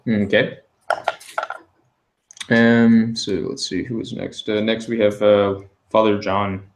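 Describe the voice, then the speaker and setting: A man's voice: on the low side, level tone, slow pace, a little hiss or hum. A man running a tabletop game as game master, speaking casually and loosely. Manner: casual, loose, with fillers and asides.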